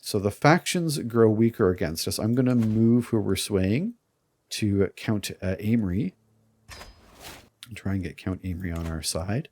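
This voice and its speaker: A man with a fairly low voice talks through his strategy game as a let's play. He chuckles often and sounds playfully scheming as he explains his moves. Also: expressive, a little slow, darkish tone. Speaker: streamer playing a strategy game.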